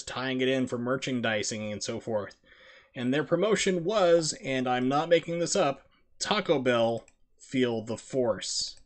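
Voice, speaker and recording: Joking, rambling male streamer. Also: mid-range voice. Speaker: game streamer. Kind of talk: casual live-stream chat.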